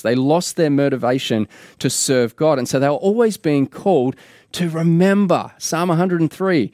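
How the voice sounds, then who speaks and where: A man's voice: medium pitch, a little mellow, no echo, studio quality. A man preaching a sermon in an earnest way, repeating key phrases for emphasis.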